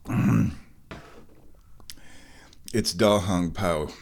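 A man hosting a casual vlog, talking slowly and playfully, now and then slipping into high baby talk, a bit stuffy from sinus trouble. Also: vocal fry, a little mellow, breathy edge. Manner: slow, drawling and playful, with high baby talk to his cat. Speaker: vlog host.

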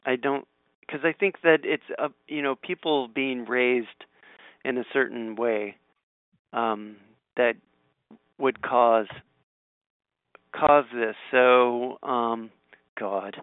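A man reading quiz questions aloud and thinking out loud in casual chat, with frequent ums and restarts. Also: medium pitch, takes it slowly, pauses often, smooth, no echo. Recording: tinny phone-like audio.

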